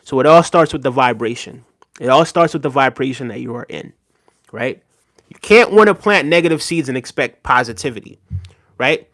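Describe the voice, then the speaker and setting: An animated man with a medium-pitched, a bit bright voice, speaking at normal speed, reads out his viewers' chat during a live stream and answers sincerely. "Right?" comes up again and again, and he thanks chatters by name; clean studio sound with no room sound carries this casual commentary.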